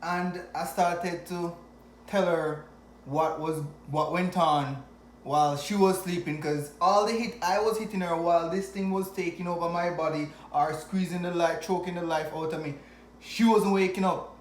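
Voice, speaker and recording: A man from Jamaica with a Jamaican accent, telling a personal story to camera in an animated way, often chuckling. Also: a little high, normal speed, a little hiss or hum. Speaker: vlogger. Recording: echoey room.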